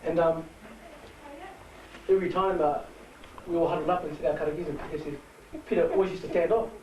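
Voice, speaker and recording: A man with a New Zealand Māori accent, giving a halting, heartfelt speech to a rugby team. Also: fairly high pitch, steady tone, a little hiss or hum. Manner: halting, warm-hearted, switches between Māori and English. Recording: echoey room from far off.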